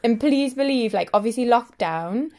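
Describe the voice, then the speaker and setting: A woman's voice: on the high side, lively intonation, moderate pace, mellow. A woman, candidly chatting as a podcast co-host and making self-deprecating jokes. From England. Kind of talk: casual chat.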